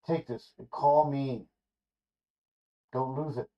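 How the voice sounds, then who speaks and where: A man voicing a woman reuniting with an old flame, rambling through halting excuses, in a dull lo-fi recording. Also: mid-range voice, steady tone, close to an everyday voice. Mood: flustered.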